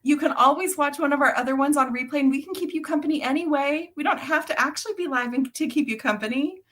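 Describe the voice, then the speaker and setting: A woman's voice: high voice, quick pace, fairly bright tone. A woman co-hosting a crafting livestream, chatting casually, greeting viewers by name and laughing often between remarks. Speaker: co-host of a beading livestream. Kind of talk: casual chat, reading out viewer comments.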